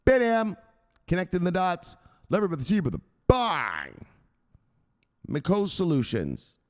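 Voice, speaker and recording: A man's voice: sits high, a little slow. A man hosting a crypto news livestream, chatting casually, joking, swearing and greeting viewers by name. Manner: animated, profane, joking, greets chat by name.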